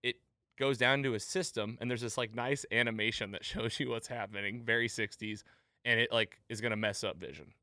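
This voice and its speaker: A man's voice: on the low side, fairly even intonation, brisk, sharp tone, dry recording, clean studio sound. A man hosting a podcast, animatedly retelling a TV episode in casual chat and laughing at the jokes. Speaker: podcast host.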